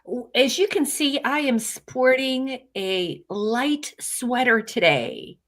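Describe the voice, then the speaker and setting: A woman's voice: on the high side, lively intonation, slow, fairly bright tone. A woman chatting cheerfully as a panelist on a live stream. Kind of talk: casual chat.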